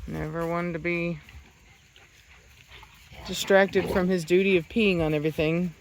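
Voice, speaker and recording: Chatty woman shouting at dogs outdoors. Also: on the low side, steady tone, measured pace, slight background noise. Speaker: dog breeder and vlogger. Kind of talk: casual vlog narration. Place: outdoors in a rural yard with dogs.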